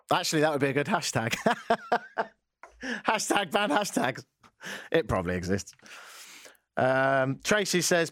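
Lively man hosting radio. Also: fairly high pitch, takes it slowly, pauses often, no echo, studio quality. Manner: wry, animated, reads listener texts. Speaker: radio talk show host. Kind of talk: casual radio call-in chat.

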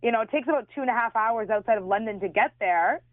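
A woman's voice: on the high side, fast talker, no room sound. A Canadian woman co-hosting a radio talk show, chatting and giggling with some hesitation, heard over a tinny phone line. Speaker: radio co-host. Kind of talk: casual radio chat.

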